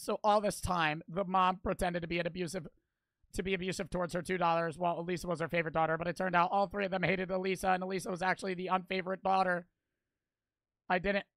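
A man live-streaming a reaction, talking to his chat in an animated, slangy, rambling way with lots of "like.". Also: high voice, dry recording.

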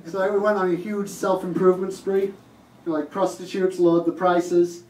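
A high-sitting, darkish male voice with a flat delivery at a moderate pace. He's a stand-up comedian from Teesside in northern England, rambling profanely through his set on a comedy club stage and laughing at his own jokes. The live recording is noisy, roomy and distant.

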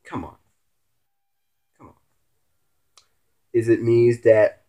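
This mellow-voiced man speaks slowly, pausing often, with little pitch movement overall, though his delivery still swoops. He's the fill-in host of a casual vlog, rambling and teasing while ranting to those watching.

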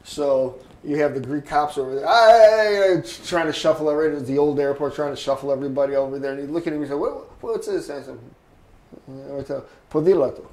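A man in his sixties telling stories in an oral history interview, lively and anecdotal, often chuckling. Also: medium pitch, rapid-fire, reverberant, low-quality recording. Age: 60s. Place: interview booth.

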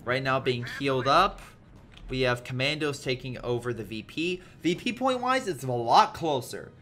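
A man giving chatty, animated play-by-play commentary on a strategy game replay, with lively asides to his viewers. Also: mid-range voice, normal speed, slight background noise. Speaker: video game replay caster.

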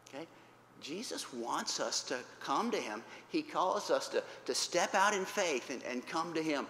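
In a church hall, a man with a slightly high, sharp voice teaches children a Bible lesson at a measured pace. He tells the story with lively intonation, repeats points simply, and checks in with "right?" and "okay?". The hall is roomy and reverberant, with faint background noise.

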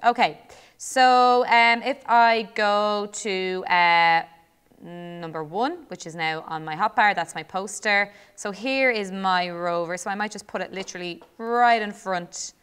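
A woman's voice: mid-range voice, a little slow, fairly bright tone, clear, resonant tone. A young Irish woman co-hosting a lesson, chatting and thinking aloud as she demonstrates a build. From Ireland. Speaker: co-host teacher. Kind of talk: casual classroom demo while playing.

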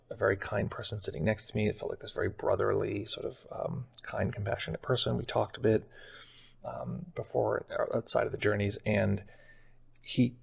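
Gravelly, husky man, soft and halting. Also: on the low side. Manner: soft-spoken, halting, many fillers. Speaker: meditation channel host. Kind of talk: personal reflective account.

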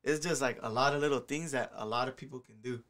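A man's voice: mid-range voice, fast, fairly bright tone. A man talking casually on a podcast about playing soccer, slangy and profane with lots of filler words. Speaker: podcast guest, soccer player.

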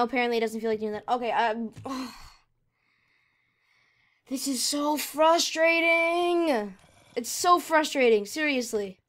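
A woman's slightly high, bright voice carries her casual commentary as she games. Rambling and talking to herself, she grows frustrated with the lag.

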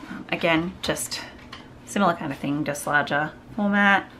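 A woman with a low-pitched voice talks through her craft haul in a relaxed, chatty way. She gushes over each piece with small exclamations of delight. A faint hiss sits quietly behind her. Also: normal speed. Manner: chatty and gushing, frequent little exclamations. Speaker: craft vlogger. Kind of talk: casual show-and-tell haul.

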